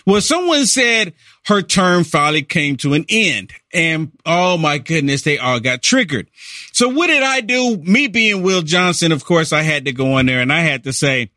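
A man co-hosting a casual political talk show, animated and quick to laugh, acting out quotes. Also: dry recording, studio quality. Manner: animated, laughs often, acts out quotes with rising pitch. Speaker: political commentary co-host.

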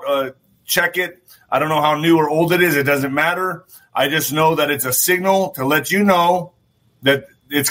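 A man talks straight to his viewers in a loose, rambling monologue, circling back to repeat his points and dropping the odd curse. His voice sits a little high and rings with a bright, forward tone. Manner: rambling, repeats phrases, swears. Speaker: show host. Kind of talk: casual commentary monologue.

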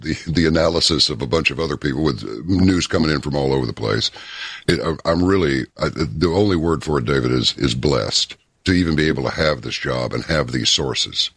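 A man hosting a talk show, telling stories and giving opinions in a folksy, unhurried way. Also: a bass voice, fairly bright tone, slightly rough, dry recording, studio quality. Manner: folksy, opinionated, storytelling with pauses. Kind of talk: casual talk radio commentary.

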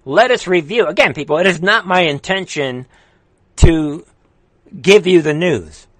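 A man's voice: fairly high pitch, unhurried, a bit bright, dry recording. A man hosting a livestream, ranting in heated political commentary, straining his voice and reading viewer comments aloud. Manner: impassioned, ranting, repeats rallying calls. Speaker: livestream host.

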